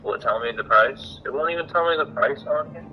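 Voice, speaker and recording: A young man streaming a game, chatting casually, loud and excitable with plenty of swearing. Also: mid-range voice, highs cut off, slight background noise. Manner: loud, profane, excitable, quick to laugh. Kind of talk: casual chat while gaming.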